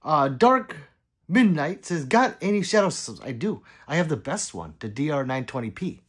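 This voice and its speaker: The host of a gun channel livestream, his voice a little high with big pitch swings, works through viewer comments at a moderate pace. He rambles, apologizes, and mutters between reading them in a casual way.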